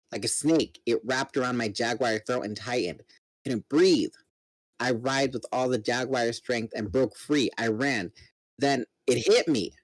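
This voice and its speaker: A man's voice: mid-range voice, dry recording, poor audio. A man reading a novel aloud, narrating steadily and voicing the characters himself. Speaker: reader. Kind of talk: dramatic book reading.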